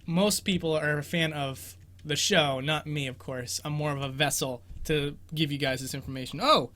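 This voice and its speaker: Bright, chatty young man hosting live. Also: on the high side, fairly even intonation, moderate pace. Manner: rambling, self-deprecating, laughs often. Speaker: host of a game exploration show. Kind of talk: casual livestream Q&A commentary. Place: bedroom.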